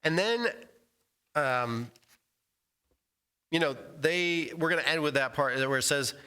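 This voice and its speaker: A man's voice: fairly high pitch, lively intonation, slow pace, bright, forceful tone, clean tone. A man teaching a casual Bible study in a church room, explaining scripture conversationally and quizzing the group.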